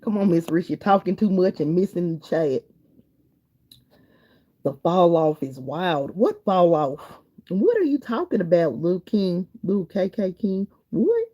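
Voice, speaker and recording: A woman's voice: lowish voice, animated, a little slow. A middle-aged woman, hosting a live stream, chatting loosely with viewers and reading their comments in an encouraging way. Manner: chatty, warm and encouraging, wanders between topics.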